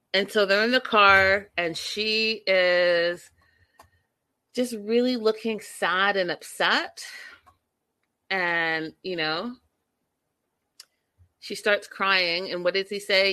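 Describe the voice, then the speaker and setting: A woman talks straight to her viewers, recapping a reality show with blunt, exasperated commentary and plenty of swearing. Her voice is bright and forceful, with a close, dry sound and no room echo. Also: medium pitch, extremely slow, pauses often, clear, resonant tone. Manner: acts out quoted people with sudden loud bursts. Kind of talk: casual recap chat to viewers.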